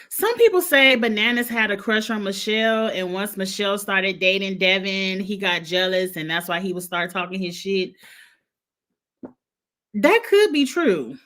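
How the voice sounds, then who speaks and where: A woman's voice: medium pitch, normal speed, sharp tone. Blunt, gossipy woman hosting a chat show. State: coughing, allergies. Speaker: host. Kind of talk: casual live-chat show recap.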